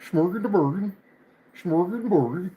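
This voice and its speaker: A man putting on a goofy mock-Swedish cartoon chef voice, babbling high, bouncy nonsense syllables. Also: expressive, normal speed, warm tone, rough recording.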